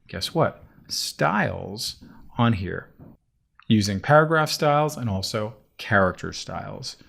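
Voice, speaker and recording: A man walks through a software tutorial as he works, chatty and animated and thinking out loud. His pitch jumps around a lot, and his voice has a gravelly texture. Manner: chatty and animated, talks himself through each step. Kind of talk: screen-recorded software tutorial.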